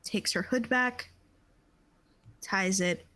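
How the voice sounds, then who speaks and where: Slow, soft-spoken woman game master. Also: mid-range voice, low-quality recording. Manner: unhurried, with many fillers and restarts. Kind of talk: narrating a tabletop game.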